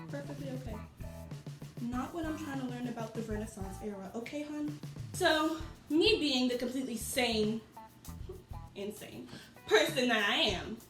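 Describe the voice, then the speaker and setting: A woman vlogger telling a story at home in an exasperated, animated rant. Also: high voice, echoey room.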